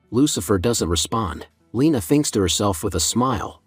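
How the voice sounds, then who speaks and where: A man giving scripted narration of a comic story in a steady, brisk manner. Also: on the low side, husky, dry recording, soft background music. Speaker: recap narrator.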